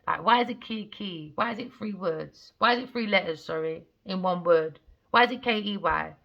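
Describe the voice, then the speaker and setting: A woman's voice: fairly low pitch, vocal fry, sharp tone. A woman giving a casual tarot reading, talking bluntly and animatedly and swearing freely. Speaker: tarot reader.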